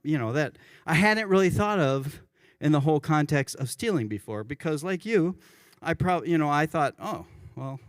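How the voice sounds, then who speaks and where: A worship pastor giving a conversational church sermon, often correcting himself mid-sentence. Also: male voice, a little high, expressive, moderate pace, hardly any pauses, no echo, clean studio sound. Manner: conversational, self-correcting, chuckles at his own examples. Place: church sanctuary.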